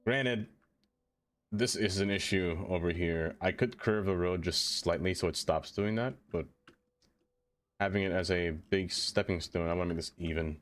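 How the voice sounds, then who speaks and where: A man's voice: sits low, normal speed. A man streaming a city-building game, chatting loosely and answering his viewers in a rambling, self-deprecating way.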